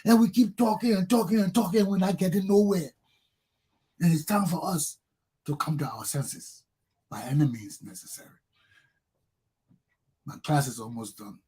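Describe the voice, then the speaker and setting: Fiery husky Liberian man. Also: normal speed, long pauses. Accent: Liberian English. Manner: preachy and fiery, swings from low intensity to shouting. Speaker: talk show host. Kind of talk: impassioned monologue.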